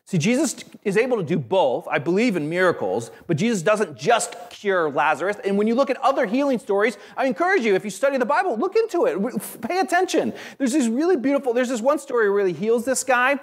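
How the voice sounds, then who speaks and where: A man preaching a sermon, animated and conversational, with friendly asides to the congregation. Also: sits high, quick pace, few pauses, big-room sound. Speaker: pastor.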